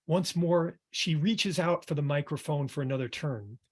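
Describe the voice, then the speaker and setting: A man in the role of a music therapist reads a passage from his book in a calm, reflective way. He then moves into relaxed panel talk, with a few hesitant fillers. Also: fairly high pitch, normal speed.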